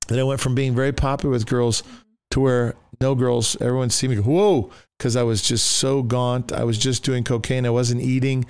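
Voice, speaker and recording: An older man recounts his past in a smooth, resonant voice, jumping into the voices of the people he quotes. The sound is close and dry, with no room around it. He wanders and restarts mid-sentence but keeps the story moving. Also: mid-range voice, no room sound. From Oregon, US. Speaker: pastor sharing his testimony. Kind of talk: animated storytelling.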